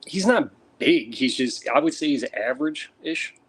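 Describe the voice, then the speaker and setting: An American man in casual chat, swearing constantly and telling stories with animated energy. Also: on the high side, moderate pace, husky. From United States. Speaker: reptile breeder streamer.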